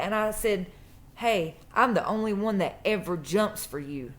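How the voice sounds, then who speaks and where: A woman's voice: mid-range voice, normal speed. Woman, mid-range voice, emphatic casual storyteller. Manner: emphatic, repeats phrases for stress. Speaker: true crime vlogger.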